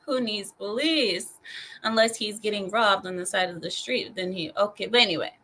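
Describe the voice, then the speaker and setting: A woman's voice: mid-range voice, moderate pace, fairly bright tone, low-quality recording. Sarcastic ranting young woman streamer. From California. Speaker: streamer and host. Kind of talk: ranting news commentary.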